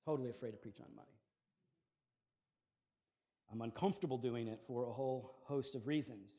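A man's voice: mid-range voice, brisk, warm tone. A man in his forties preaching a sermon as pastor, telling stories in a conversational way with fillers and restarts.

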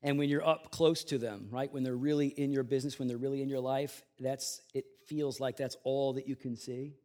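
A man preaching a sermon in a conversational way, moving between loud emphasis and quiet asides. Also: mid-range voice. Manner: plays out the grumbling people in a raised voice. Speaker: pastor.

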